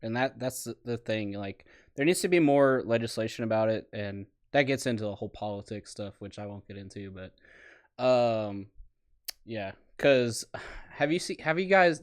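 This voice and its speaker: A man's voice: lowish voice, moderate pace, smooth. A young man hosting a casual podcast chat, chatty and prone to tangents, laughing at his own stories. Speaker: podcast host.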